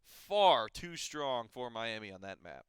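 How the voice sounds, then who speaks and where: A man calling live esports play-by-play, excitable and quick, with jokey asides. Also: mid-range voice, clean tone, dry recording, studio quality.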